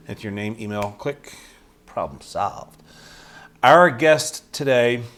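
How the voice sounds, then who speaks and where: Chatty enthusiastic male podcast host. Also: medium pitch. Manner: enthusiastic, chatty, many fillers. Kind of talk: casual podcast interview.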